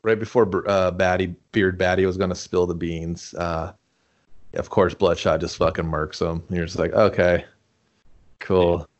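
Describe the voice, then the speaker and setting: A man's voice: sits low, level tone, moderate pace, highs cut off. A man co-hosting a podcast, cracking profane jokes and mocking a movie with quoted asides. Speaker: podcast co-host. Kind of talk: casual movie-review banter.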